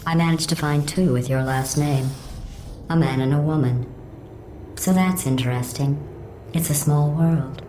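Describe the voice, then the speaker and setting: An actress voicing a cold, sarcastic female AI that runs test chambers, speaking in a deadpan, passive-aggressive way through a synthetic robotic filter. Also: sits low, measured pace, long pauses, slight background noise. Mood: mocking. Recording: echoey game audio with music behind.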